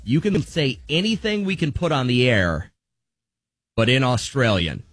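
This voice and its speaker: A man's voice: medium pitch, wildly swooping pitch, unhurried, a bit bright, slightly rough, soft background music. A man hosting a morning radio show, joking with callers and giving contest instructions in a breezy, upbeat way. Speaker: radio host.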